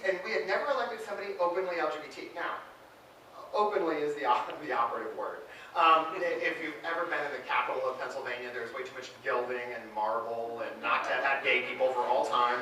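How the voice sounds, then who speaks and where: A man in his thirties delivers a conference keynote with a joking, self-deprecating ease. His voice sits a little high and rings out with a bright, forceful edge. It is picked up from a distance in a large hall that echoes heavily, with a faint hiss underneath. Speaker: keynote speaker.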